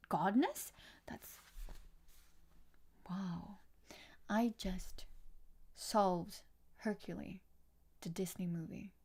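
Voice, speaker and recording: Young female livestream card reader, casual and easily sidetracked, gravelly fry in the voice. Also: mid-range voice. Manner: chatty and easily distracted, laughs often. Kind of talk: casual livestream chat with viewers.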